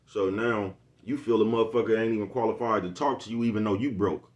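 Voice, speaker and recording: A man's voice: on the low side, fairly even intonation, fast talker, dull audio. Rambling, profane man talking to camera. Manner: rambling, profane street talk with frequent "you know what I'm talking about". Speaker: vlogger. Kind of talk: casual monologue to camera.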